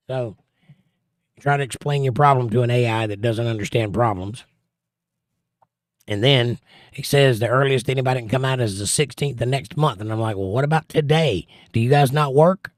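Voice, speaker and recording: A man's voice: mid-range voice, dry recording, studio quality. A middle-aged man hosting a live stream, reading viewer comments aloud with wry, teasing banter. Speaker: livestream host reading chat. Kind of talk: casual live-stream chat.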